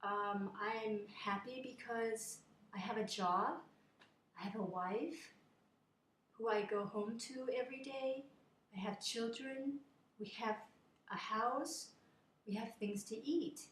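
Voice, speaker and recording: A man's voice: high voice, slow, long pauses, a bit bright, slight background noise. A contented male servant, spoken by a woman retelling a fairy tale explains simply why he is happy. The delivery is earnest and close to her own voice, with room echo. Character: cheerful humble adult male servant. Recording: echoey room.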